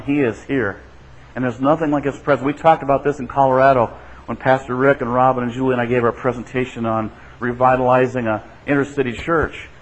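A man preaching a sermon as a pastor, conversational and often checking in with his listeners. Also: dull audio. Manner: conversational, asks the congregation "right?"; acts out quoted voices with shifts in pitch and loudness.

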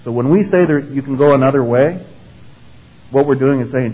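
A male pastor delivers a sermon with a husky, slightly breathy voice. He teaches conversationally, posing questions to the listeners and checking in with short tags. The recording sounds dull and lo-fi. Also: medium pitch, moderate pace. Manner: conversational teaching, frequent "all right?" and "okay?" tags; asks the congregation questions.

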